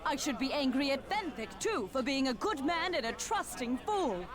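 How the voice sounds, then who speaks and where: A woman's voice: high voice, big pitch swings, normal speed. An actress playing a grieving, angry female paladin of justice who speaks in a solemn, bitter, questioning way. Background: game music.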